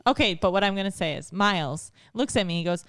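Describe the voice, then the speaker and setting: A woman's voice: medium pitch, quick pace, clean tone, dry recording, clean studio sound. A woman in her thirties co-hosting a casual live podcast, telling stories with lots of giggling. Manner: giggly, animated storytelling. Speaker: podcast co-host.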